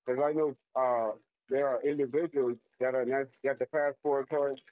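A man calling in to ask a question, speaking hesitantly with many pauses. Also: mid-range voice, fairly even intonation, no room sound. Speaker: caller. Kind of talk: call-in question. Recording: tinny dry phone line.

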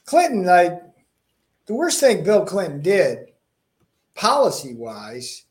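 A man from Florida with a slight Boston accent, a guest telling animated stories with many restarts and repeated words. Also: high voice, slow pace, slight background noise. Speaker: political guest. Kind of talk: interview conversation.

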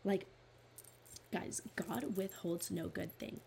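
Young woman, low-pitched and earnest, chatty devotional speaker with a faint hiss behind her. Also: steady tone, slow, gravelly, warm tone. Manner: earnest, chatty, full of "like" fillers; reads scripture aloud in a steadier voice. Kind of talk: casual Bible study talk.

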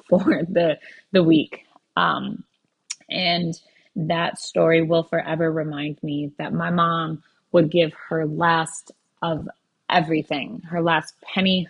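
A woman in her thirties telling a personal family story in a casual, heartfelt way, with frequent fillers. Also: deep voice. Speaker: vlogger.

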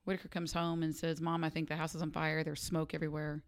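A woman's voice: sits low, fast. A woman co-hosting a casual chat, telling a story and acting out the lines of the people in it. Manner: animated storyteller acting out quotes.

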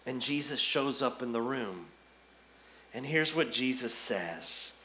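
A man's voice: medium pitch, lively intonation, slow, sharp tone, slight background noise. A man giving an Easter sermon as pastor, conversational and storytelling with touches of humor.

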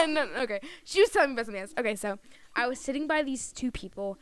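High, smooth-voiced woman telling stories. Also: quick pace. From Pennsylvania. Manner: animated, giggly storyteller. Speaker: podcast co-host. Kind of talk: casual storytelling chat.

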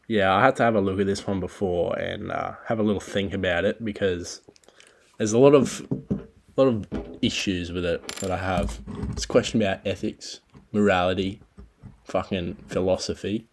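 A young Australian man hosting a solo podcast, telling stories in a crude, swearing, laid-back ramble on a low-quality home recording. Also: vocal fry, slight background noise. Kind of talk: casual rambling chat.

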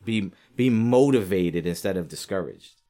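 A man giving a casual, animated commentary on boxing, rambling with lots of fillers and acting out quotes. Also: deep voice, normal speed. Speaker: sports commentator.

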